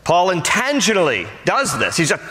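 A man preaching a sermon as pastor, animated and storytelling, acting out the voices of people he quotes. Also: high voice, normal speed, long reverb tail.

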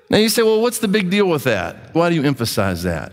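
Man, pastor, high voice, lively conversational sermon, long hall echo. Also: brisk. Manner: animated, conversational preaching with asides. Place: church hall. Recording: hall reverb.

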